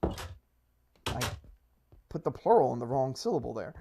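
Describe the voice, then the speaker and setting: This Minecraft creator talks slowly in a sing-song, creaky, dark voice, pausing often. Playing on a server, he rambles and restarts, hyping his plans with mock salesmanship and self-mockery.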